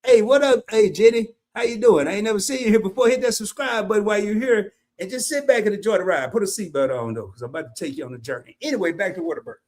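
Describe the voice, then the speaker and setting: A man's voice: sits high, animated, fast, few pauses, a little mellow. A man, telling a casual story on his live stream and greeting chatters by name.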